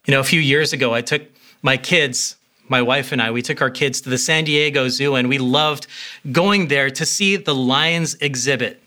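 A man's voice: mid-range voice, moderate pace, bright, forceful tone. A man preaching a sermon as pastor, earnest and conversational, with a few fillers.

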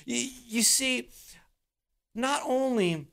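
Preacher mid-sermon: unhurried, measured pace, halting repeats and pauses. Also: medium pitch, fairly bright tone. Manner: slow, deliberate delivery with frequent repeated words and pauses.

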